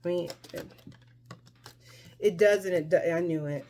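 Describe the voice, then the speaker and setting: A woman's voice: fairly low pitch, a little slow, mellow, a little hiss or hum. A woman giving a casual tarot reading to her viewers, chatty and emphatic, with many fillers and restarts. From Mexico. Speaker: tarot reader.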